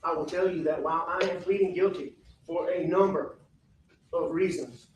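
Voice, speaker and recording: Man giving a halting courtroom statement. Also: on the high side, steady tone, lo-fi sound, slight background noise. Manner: slow, halting and repetitive, apologetic. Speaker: defendant addressing the court. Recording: echoey distant courtroom audio.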